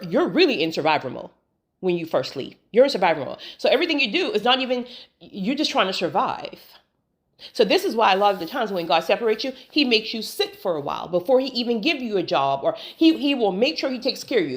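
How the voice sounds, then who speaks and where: A woman giving a preachy motivational talk on spiritual healing, colloquial and emphatic, often repeating her phrases for weight. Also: medium pitch.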